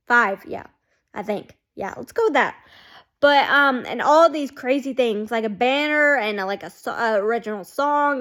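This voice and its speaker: Rambling chatty woman, fairly high voice. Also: fairly bright tone. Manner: rambling, heavy use of "like", chatty. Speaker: fan vlogger. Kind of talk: casual chat.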